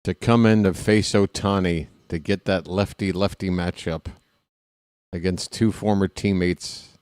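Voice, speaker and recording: A man doing casual fan play-by-play commentary for a baseball game, chatting with wry asides and erupting with excitement on big hits. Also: low voice, measured pace, clear, resonant tone, no room sound.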